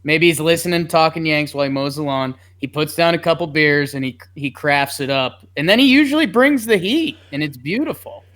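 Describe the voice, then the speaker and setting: A man's voice: a little high, a little fast, hardly any pauses, fairly bright tone. A man co-hosting a podcast in casual chat, rambling and joking about his listeners. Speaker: podcast co-host.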